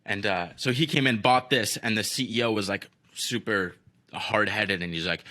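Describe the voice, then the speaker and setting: A man with a low, bright and forceful voice talks loosely through a story on a podcast. He swears freely, leans on "like" and acts out what people said. The delivery is relaxed, casual chat. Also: normal speed. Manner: loose and profane, heavy use of "like", acts out quotes. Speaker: podcast co-host.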